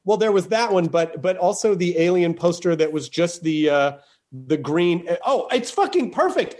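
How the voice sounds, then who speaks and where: A man's voice: high-pitched, expressive, moderate pace, a little mellow. A man co-hosting a podcast, riffing in a rambling, joking way and laughing often. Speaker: podcast co-host. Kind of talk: casual comedic chat.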